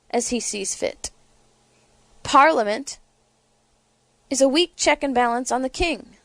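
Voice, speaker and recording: A woman's voice: high-pitched, no echo. A woman hosting a political talk show, delivering sarcastic, indignant commentary.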